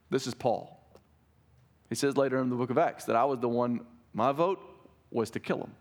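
A man's voice: mid-range voice, normal speed. A man delivers a sermon as a pastor in a church. His preaching is earnest but conversational, and he often checks in with his listeners as he goes.

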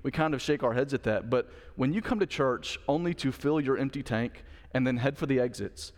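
A man's voice: medium pitch, brisk, big-room sound. A male pastor preaching a sermon in a conversational style, with asides to the congregation. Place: church sanctuary.

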